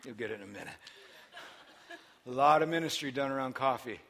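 A man preaching a sermon, telling a story with lively buildups into shouting. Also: medium pitch, a little fast.

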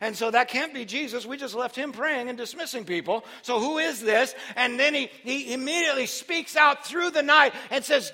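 A man preaching a sermon, moving between quiet teaching and loud, shouted preaching. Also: very high voice, fairly quick, hardly any pauses.

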